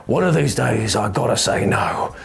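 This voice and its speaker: A narrator voicing a weary middle-aged shopkeeper father with a cockney accent, grumbling and slow. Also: medium pitch, big pitch swings, vocal fry, pitched below the performer's own voice.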